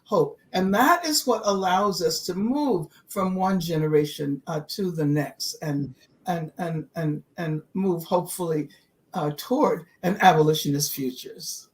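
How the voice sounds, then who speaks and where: A woman's voice: fairly low pitch, unhurried. A woman speaking as a panelist in an online discussion. She is reflective, trails into fillers and often restarts a phrase. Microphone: video call.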